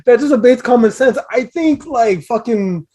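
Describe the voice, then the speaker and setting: A man's voice: extremely high pitch, moderate pace, mellow. A man co-hosting a casual podcast, talking in a loose, rambling way with casual swearing. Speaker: podcast co-host.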